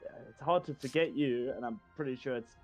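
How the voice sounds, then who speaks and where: A man's voice: mid-range voice, a little fast, darkish tone, soft background music. A man playing a tabletop game, chatting casually in a hesitant, joking way. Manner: hesitant, joking, with many fillers. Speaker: player.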